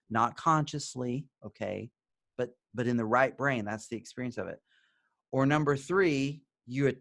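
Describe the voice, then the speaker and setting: A middle-aged man teaching couples as a therapist, talking conversationally, asking and answering his own questions, and softly acting out gentle example phrases. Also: medium pitch. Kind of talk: video lesson to camera.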